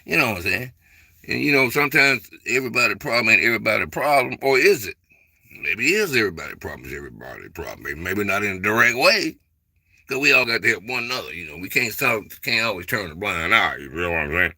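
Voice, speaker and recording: A man hosts a casual livestream chat, rambling loosely in informal dialect with lots of fillers and repeated "man" and "you know." His fairly low voice is gravelly, pushed and bright, very animated and fast, recorded dry.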